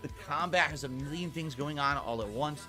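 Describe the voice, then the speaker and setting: A male game streamer with a slightly high voice rambles through exasperated complaints about the game. Faint game music plays under his voice. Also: brisk. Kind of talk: casual gameplay commentary.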